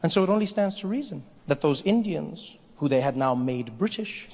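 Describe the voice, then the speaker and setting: A man performing a stand-up comedy routine on stage, an animated storyteller who leaps into character voices. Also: on the high side, moderate pace, creaky. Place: comedy stage before a live audience. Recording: echoey venue with faint noise.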